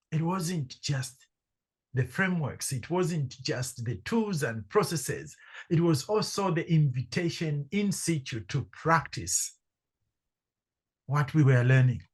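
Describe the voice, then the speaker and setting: Man from zambia, husky voice, middle-aged, animated storyteller, podcast guest. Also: on the high side. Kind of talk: storytelling in conversation.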